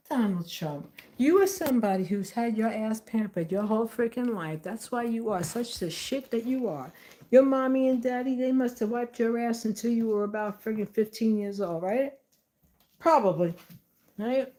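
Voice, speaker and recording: A blunt woman vlogger rants to her viewers in a casual, profane way. Her voice sits a touch high and her sarcasm runs through it. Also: normal speed, dark tone, a little hiss or hum. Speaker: channel host. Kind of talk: casual ranting vlog.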